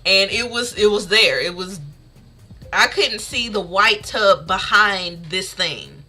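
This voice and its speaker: A woman's voice: medium pitch, takes it slowly, pushed and bright, breathy edge, soft background music. A woman streamer chatting casually with her live audience, bubbly and chatty, laughing often.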